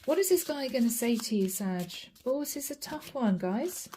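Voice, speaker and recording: A middle-aged woman reads tarot cards aloud and talks straight to the viewer, chatty and direct. Her voice sits a little high but sounds mellow and warm. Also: very animated, moderate pace, a little hiss or hum. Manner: chatty, addresses viewer directly, names cards as she draws. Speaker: tarot reader. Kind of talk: channeled tarot reading.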